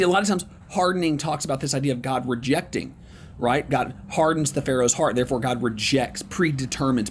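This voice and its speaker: Leading a Bible study lesson online, a man speaks encouragingly and conversationally, with lots of pauses and ums. His pitch is on the high side, with a breathy edge.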